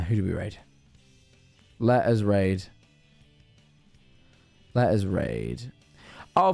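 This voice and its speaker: In a mid-range, slightly mellow voice, a worn-out young man closes his livestream with easygoing small talk. He drifts between topics and lets a swear word slip here and there.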